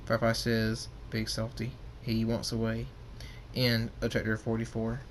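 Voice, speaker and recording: Man haltingly reading a homemade story. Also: medium pitch, completely flat delivery, slight background noise. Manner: halting, with restarts and slips. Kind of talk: reading homemade fan fiction aloud.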